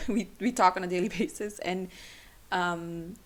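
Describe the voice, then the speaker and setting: A young woman hosting her own podcast, talking emotionally and haltingly, tearful at times. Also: medium pitch. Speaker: podcast host. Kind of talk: personal solo podcast.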